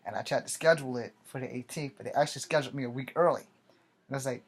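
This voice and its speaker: A man's voice: mid-range voice, rapid-fire, breathy edge. Rambling, profane man in his forties. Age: 40s. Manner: rambling, profane, often corrects himself. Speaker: army veteran vlogger. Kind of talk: casual personal storytelling.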